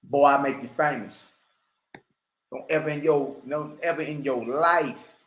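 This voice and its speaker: A man hosting a livestream, giving animated, mocking commentary full of slang and laughter. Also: mid-range voice, a little slow, roomy sound. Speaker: livestream host.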